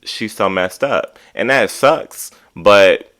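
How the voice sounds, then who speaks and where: A man hosting a casual reality TV recap, talking in an animated, sassy, opinionated way. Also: on the low side. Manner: animated, sassy, drawn-out commentary.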